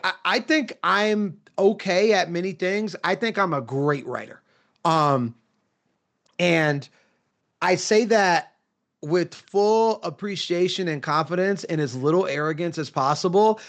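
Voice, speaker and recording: A male writer in a casual chat, talking in an emphatic, animated way and laughing often. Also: high voice, a little slow, vocal fry. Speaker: writer and podcast guest.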